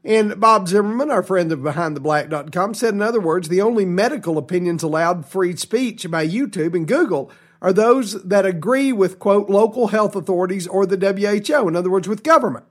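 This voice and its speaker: A man's voice: sits high, a little fast, few pauses. A man hosting a political talk show, emphatic and indignant, with frequent restarts. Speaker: radio show host.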